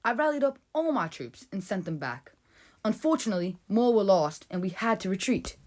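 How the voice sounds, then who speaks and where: A woman's voice: medium pitch, animated, a little fast, darkish tone, lightly acted. A young woman playing a blunt colonel. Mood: matter-of-fact. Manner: blunt, curt, slangy. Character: brash colonel, adult man, blunt and curt. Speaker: interviewee in a school history skit. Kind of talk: amateur comedy sketch acting.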